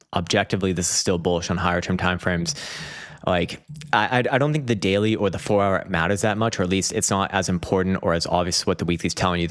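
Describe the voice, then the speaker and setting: A man hosting a casual live stream, loosely talking through market charts, joking and swearing. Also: deep voice. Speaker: live stream host, crypto chart analyst.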